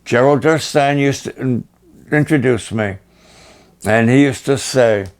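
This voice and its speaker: A man's voice: mid-range voice, a little slow. An older man, a pastor, delivering a fundraising sermon with an emphatic, urgent, pleading delivery.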